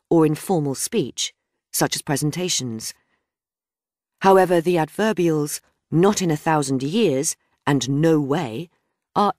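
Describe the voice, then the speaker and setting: A woman reading a scripted grammar lesson in a measured, explanatory way. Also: low-pitched, a little mellow, no room sound, studio quality. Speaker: grammar teacher. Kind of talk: scripted instructional narration.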